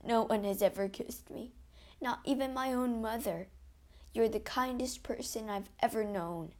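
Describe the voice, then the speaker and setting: A woman's voice: medium pitch, measured pace, darkish tone, close to an everyday voice. A woman reading a storybook aloud and voicing a lonely masked male phantom who growls and sobs. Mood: sorrowful. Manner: growling, then sobbing.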